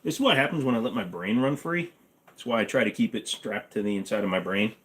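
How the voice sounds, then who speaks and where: A man's voice: on the low side, fast, slight background noise. A man in his forties hosting a casual livestream Q&A from his apartment, talking in a rambling, offhand, joking way. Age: 40s. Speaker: livestream host. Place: apartment bedroom-living room.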